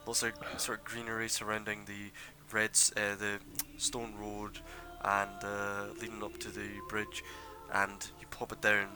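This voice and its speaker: Young guy dm rambling through the scene, lowish voice, music in the back. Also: monotone, measured pace, few pauses. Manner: loose, filler-heavy narration. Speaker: game master. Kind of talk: narrating a tabletop game.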